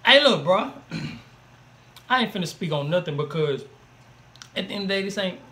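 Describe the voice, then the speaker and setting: A man's voice: high-pitched, lively intonation, moderate pace, background noise. A man co-hosting a gossip commentary, reacting in casual slang. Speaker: co-host.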